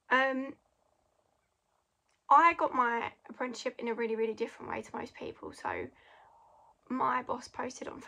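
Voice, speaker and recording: A woman's voice: fairly high pitch, creaky, a bit bright, slight background noise. A young woman, a degree apprentice, chatting through a casual Q&A vlog and filling her talk with "like" and "literally"; she says she is losing her voice. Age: young adult. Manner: chatty, heavy filler words like "like" and "literally".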